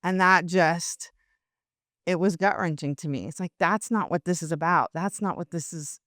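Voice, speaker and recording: An older woman, a podcast guest, chatting casually and telling animated stories, acting out other people's voices and laughing often. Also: on the low side, normal speed, no room sound, studio quality. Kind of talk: casual interview talk.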